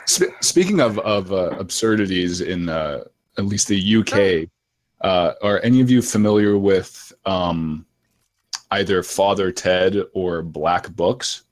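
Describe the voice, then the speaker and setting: A man's voice: low voice, unhurried. A man co-hosting a live stream in casual chat, who stammers and restarts his words.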